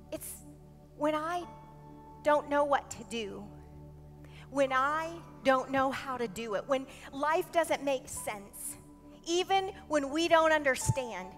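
Earnest high-voiced woman pastor preaching. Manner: earnest, emphatic, swinging between quiet and loud. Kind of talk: sermon. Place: church service.

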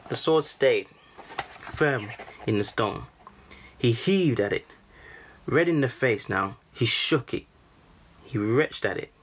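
A man reading a first-person storybook aloud in a calm, measured way. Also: medium pitch, breathy edge. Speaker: storybook reader.

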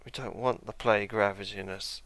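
A man's voice: on the low side, fairly even intonation, brisk, a bit bright, dry recording. A man musing aloud while playing a strategy game, correcting himself and adding dry asides. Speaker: let's play gamer. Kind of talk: casual game commentary.

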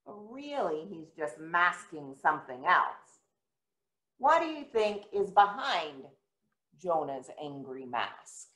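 A woman giving a children's sermon in a church, retelling a story gently and asking the children questions. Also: low voice, sing-song, slow. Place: church sanctuary. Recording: echoey church room.

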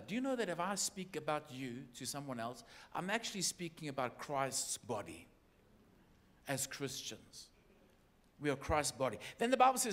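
A man delivers a sermon as an apostolic church leader, with a voice pitched high for a man. His preaching is animated and keeps building until he is shouting. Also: normal speed.

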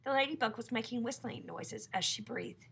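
Storybook narrator, woman, calm reading, bright husky tone. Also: a little high, normal speed. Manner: calm, even read-aloud. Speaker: audiobook reader.

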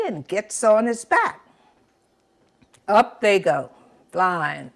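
A woman's voice: mid-range voice, lively intonation, slow, creaky, long pauses. A woman storyteller telling a folk tale aloud in a dramatic, rhythmic way, dropping and raising her volume for effect.

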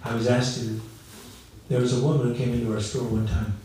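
A man's voice: medium pitch, level tone, a little fast, mellow, a little hiss or hum. A middle-aged male pastor preaching a sermon in a chatty storytelling way, acting out the people in his stories. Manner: conversational storytelling, acts out quoted voices. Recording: very echoey room, mic at a distance.

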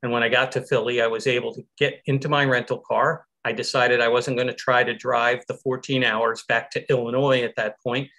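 Middle aged guy from philly telling his story over a video call, earnest and reflective, mid pitch. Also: flat delivery, fairly quick, hardly any pauses. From Philadelphia, USA. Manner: earnest, reflective, with soft laughs at times. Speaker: survivor giving a talk. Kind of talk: personal storytelling talk. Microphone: video call from home.

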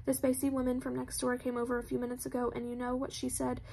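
A woman voicing a withdrawn teenage boy who speaks in a flat, distant way. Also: high voice, quick pace, creaky, slight background noise.

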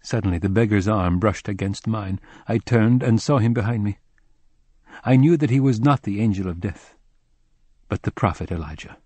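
A man narrating a literary novel with a measured, solemn delivery. His voice is low and somewhat husky, recorded close and dry with no room sound. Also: mellow, no room sound. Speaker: audiobook narrator.

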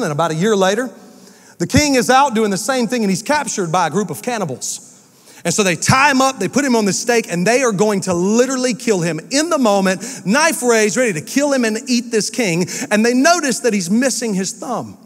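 Pastor, male, high voice, lively storytelling sermon delivery, church hall with long reverb. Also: fairly quick. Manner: energetic storytelling preacher. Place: church sanctuary.

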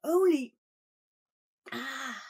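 A woman voicing a terrified man who gasps out his words in a high, frantic voice. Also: sing-song, drawn-out words, dark tone, husky, heavily acted. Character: terrified man fleeing a ghost, panting.

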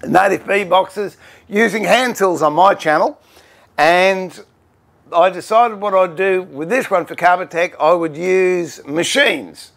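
Chatty Australian man with a gravelly voice. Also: sits high, a little slow, fairly bright tone. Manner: chatty, greets viewers by name, self-deprecating jokes. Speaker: woodworking livestream host. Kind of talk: casual livestream chat.

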